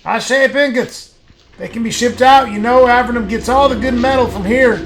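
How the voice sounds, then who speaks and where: A man voicing a loud, soot-covered male foundry worker who shouts every line. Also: very high voice, normal speed, a crowd in the background, voice pushed up. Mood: shouting. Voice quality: shouting over noise.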